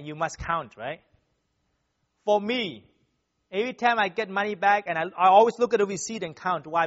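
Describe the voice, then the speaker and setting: High-voiced man preaching, lo-fi sound. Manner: tags nearly every sentence with a questioning "right?"; earnest, animated storytelling. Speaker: church speaker. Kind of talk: sermon with personal stories. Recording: dull, lo-fi sound.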